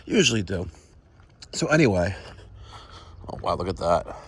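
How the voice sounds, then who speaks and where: Chatty low-voiced man walking outdoors. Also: very animated, normal speed, slightly rough, no echo. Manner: chatty, addresses viewers as folks, drops to a whisper at times. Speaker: vlogger. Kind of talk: casual walking vlog. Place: outdoors at a resort with pools.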